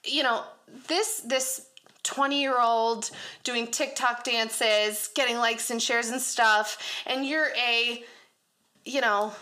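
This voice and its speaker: A woman co-hosting a podcast, chatting casually in an animated way and laughing often. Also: on the high side, slow pace. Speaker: podcast co-host. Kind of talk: casual chat.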